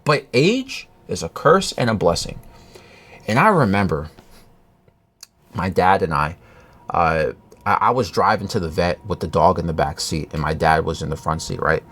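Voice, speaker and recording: Man, lower register, vlogger telling a personal story; halting, earnest, lots of restarts. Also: big pitch swings, a bit bright. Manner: halting, with many restarts and fillers; earnest, confiding.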